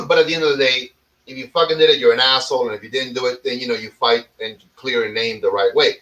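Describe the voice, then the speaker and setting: A man's voice: medium pitch, steady tone, quick pace, bright, forceful tone, far from the mic, lo-fi sound. A man hosting a casual talk show, speaking bluntly and swearing, often repeating words as he starts a point. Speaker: cigar podcast host. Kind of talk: casual opinion chat.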